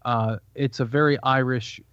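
A man's voice: mid-range voice, steady tone, moderate pace, fairly bright tone, no room sound. Man with a Chicago accent, casual banter. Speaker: co-host. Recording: dull, slightly lo-fi dry audio.

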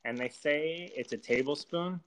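A man's voice: a little high, measured pace, fairly bright tone, slight background noise, low-quality recording. Young guy, podcast storyteller, casual and profane. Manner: loose, profane storytelling, lots of fillers. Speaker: storyteller guest.

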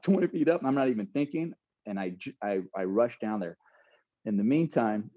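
A middle-aged man casually retelling a story, animated, laughing now and then and acting out what people said. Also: fairly low pitch, no echo, dull audio. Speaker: guest telling a story.

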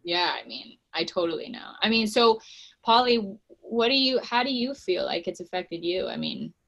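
A woman hosting an interview conversation, supportive as she gently prompts her guests. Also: mid-range voice, animated, normal speed, highs cut off. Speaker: host.

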